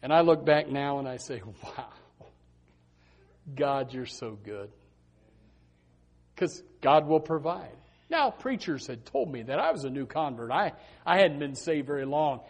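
High-voiced preacher, animated. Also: male voice, normal speed, vocal fry. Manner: animated storytelling, emphatic repetition. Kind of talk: sermon.

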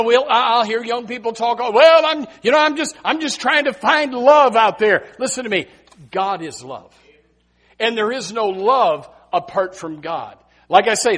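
A man preaching a sermon, swinging from loud emphasis to hushed tones and often repeating phrases. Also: sits high. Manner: repeats phrases and stammers restarts. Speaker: pastor.

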